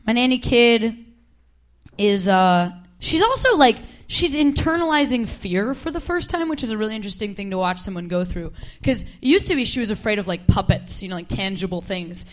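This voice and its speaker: A young woman doing a stand-up comedy set on a club stage, wry and deadpan with quick asides. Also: medium pitch. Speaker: stand-up comic.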